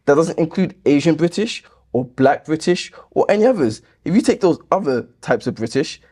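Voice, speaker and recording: A man's voice: moderate pace, husky. A man hosting his channel, reading viewer comments aloud and answering them with sarcastic exasperation. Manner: exasperated, sarcastic, lively pitch jumps. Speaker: YouTube host reacting to comments.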